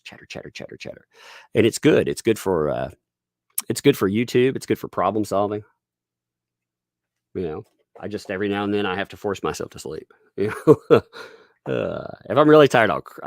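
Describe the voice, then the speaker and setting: A man's voice: low-pitched, sing-song, moderate pace, vocal fry, long pauses, no room sound, clean studio sound. A man with a Southern US accent, chatting casually on a live stream, rambling with restarts and frequent chuckles as he reads viewer tips.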